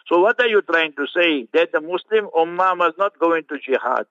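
Fervent scholar on muffled radio. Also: male voice, a little high, animated, a little fast, few pauses, sharp tone, no room sound. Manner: fervent, scornful, sermonizing with Arabic recitations. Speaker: religious scholar commenting on a sermon. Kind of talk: translating and commenting on a Friday sermon.

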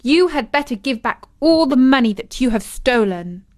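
A woman's voice: sits high, animated, normal speed, pitched above the performer's own voice. Brief: a bold young girl, played by a woman, firm and scolding. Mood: stern.

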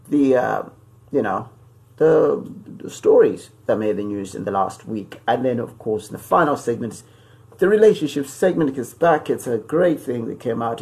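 A man hosting his podcast, talking loosely and rambling, with frequent pauses and restarts. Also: medium pitch, vocal fry, darkish tone. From Zimbabwe. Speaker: podcast host. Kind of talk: casual podcast monologue.

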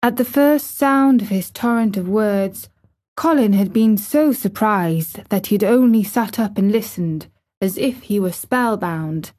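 A woman narrates a classic novel as an audiobook, her storytelling measured and expressive, her pitch sitting in the medium range.

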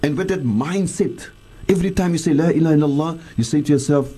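Man, religious teacher on radio, emphatic repetition, mellow voice. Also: fairly high pitch, fast, husky. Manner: earnest, emphatic, repeats phrases for stress. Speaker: Islamic scholar answering listeners on radio. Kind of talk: radio talk on faith, leading remembrance.

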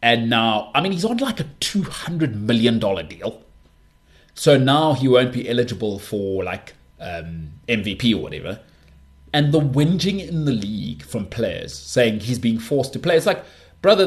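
A man's voice: medium pitch, very animated, normal speed. A man hosting his own show, delivering an emphatic, scornful sports rant full of repetition. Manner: emphatic, scornful, repeats himself. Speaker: show host.

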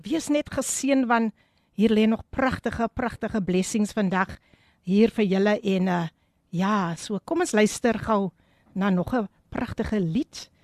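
A South African woman hosting a live show, reading out listener greetings in a lively voice that switches between English and Afrikaans. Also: medium pitch, a little slow, no room sound, studio quality. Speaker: host.

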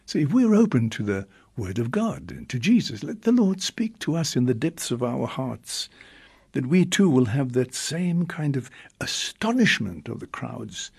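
Breathy, lively-voiced male preacher. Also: medium pitch. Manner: reflective, with long pauses and drawn-out emphasis. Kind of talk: homily reflection.

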